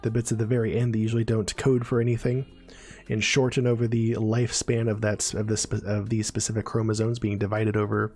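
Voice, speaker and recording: A man's voice: on the low side, flat delivery, fairly quick, a little mellow. Chatty man teaching word roots. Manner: chatty, explains terms with frequent "right?" and "okay?" check-ins. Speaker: streamer teaching neuroscience. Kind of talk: casual live-stream lecture.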